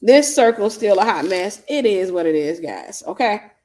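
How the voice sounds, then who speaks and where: A woman's voice: medium pitch, lively intonation, normal speed, dark tone. A woman hosting a faith-based livestream, teaching conversationally, quoting scripture and thinking aloud as she explains. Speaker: ministry host and mentor. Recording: roomy echo.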